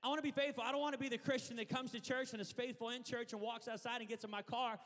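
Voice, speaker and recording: Male preacher, high pitch, loud call-and-response sermon, long hall reverb. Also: steady tone, racing. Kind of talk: energetic sermon. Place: church auditorium.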